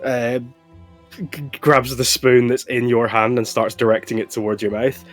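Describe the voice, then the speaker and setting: A man voicing a pompous heroic fey champion, British-accented, declaiming slowly and grandly. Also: mid-range voice, fairly even intonation, music in the background, voice pushed down, natural voice. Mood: heroic threat. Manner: grandiose, slow theatrical declaiming.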